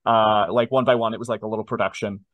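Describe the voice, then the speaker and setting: A man in his twenties, telling a personal story in a casual interview with animated, self-deprecating asides. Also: on the low side, quick pace, no room sound, phone-quality sound. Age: 20s. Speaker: guest.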